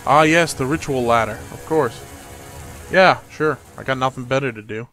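A man's voice: medium pitch, normal speed, pushed and bright, soft background music. A young man giving joking, sarcastic commentary while he plays a horror game. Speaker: gamer. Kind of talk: let's play commentary.

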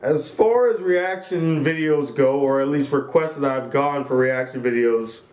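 A man hosting a casual reaction video, animated and laughing often as he comments. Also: medium pitch, a little slow. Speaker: YouTube reaction host. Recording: echoey room.

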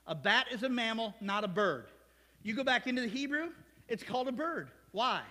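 Male pastor, high voice, chatty sermon full of jokes and rhetorical questions, long reverb. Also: bright, forceful tone. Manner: conversational, joking, rhetorical questions. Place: church sanctuary.

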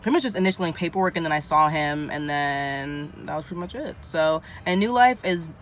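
Low-voiced and animated, this young vlogger talks briskly and candidly into her handheld phone camera. She rambles and swears without holding back, over a slight hiss or hum.

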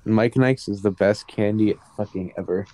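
A man's voice: on the low side, moderate pace, dark tone, slight background noise. A man joking around with friends during a game, teasing and crude with goofy asides. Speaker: gaming friend. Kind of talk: casual gaming banter.

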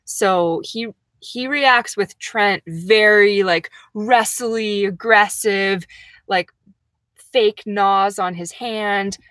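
A woman's voice: mid-range voice, drawn-out words, fairly bright tone, no echo. A young woman hosting a casual livestream from a camper van, chatting and laughing as she reads viewer comments.

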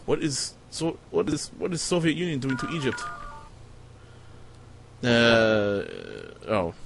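A man streaming a game who thinks out loud and swears with a dry, sardonic edge. His voice sits in an ordinary middle pitch, with faint noise behind. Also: animated, a little slow, pauses often. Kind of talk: casual gameplay commentary.

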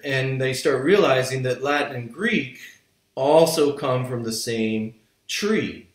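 A man's voice: mid-range voice, lively intonation, unhurried, echoey room. A man teaching yoga history in a lecture, telling it as a story and acting out people's reactions.

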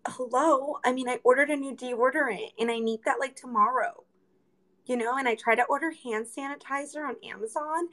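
A young woman hosting a livestream chats casually in a high, fairly bright voice, rambling and joking with viewers. She playfully teases people and drops Spanish slang between her English phrases.

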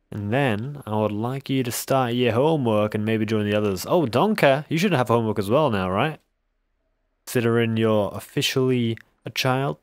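Man, mid pitch, chatty let's-play host who teases his characters, dry close sound. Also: dry recording. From West Country, England. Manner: chatty, teasing, talks to game characters. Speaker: gaming video host. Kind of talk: casual gameplay commentary.

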